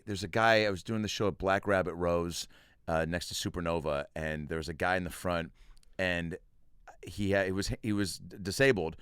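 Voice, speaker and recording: Male podcast host, lowish smooth voice, lively storyteller. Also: no echo, studio quality. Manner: animated storyteller acting out bits. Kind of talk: casual chat, telling a stand-up story.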